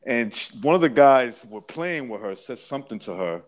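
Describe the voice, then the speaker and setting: A man's voice: medium pitch, lively intonation, fairly quick. A man in a casual podcast chat, talking bluntly and crudely.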